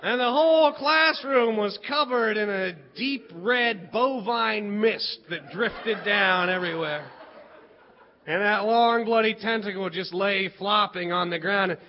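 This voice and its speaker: A man with a very high voice performs a story with lively, dramatic build-ups. He breaks into shouts at the tense moments. The recording sounds dull and lo-fi. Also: measured pace.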